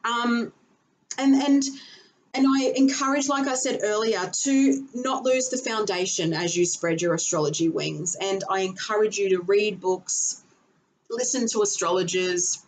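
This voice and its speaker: A woman's voice: medium pitch, measured pace, slight background noise, low-quality recording. A middle-aged woman giving a casual astrology lesson, emphatic and repetitive, now and then swearing. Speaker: astrology teacher. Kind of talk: casual teaching talk to camera.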